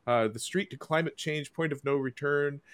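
A man hosting a casual panel chat among cartoonists, joking in a wry, deadpan way over a video call. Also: a little high, normal speed. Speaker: host and editorial cartoonist.

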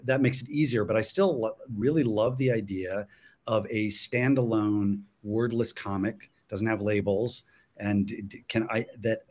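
A man's voice: lowish voice, a little mellow. A man, a cartoonist guest, talking reflectively in an interview. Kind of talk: casual interview chat.

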